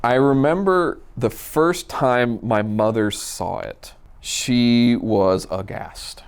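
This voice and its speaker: A man from Minnesota telling a personal story in a casual, animated way, acting out the dialogue. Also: medium pitch, slow pace, creaky, clear, resonant tone. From Minnesota, USA. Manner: animated, acts out quoted dialogue. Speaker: storyteller guest.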